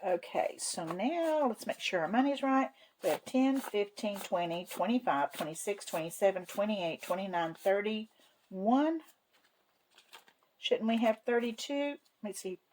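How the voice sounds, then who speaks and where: In a rough recording, a woman with a medium-pitched, somewhat mellow voice narrates her cash-stuffing vlog expressively and without hurry. As host of a savings channel, she keeps things folksy and homey, counting money aloud to herself.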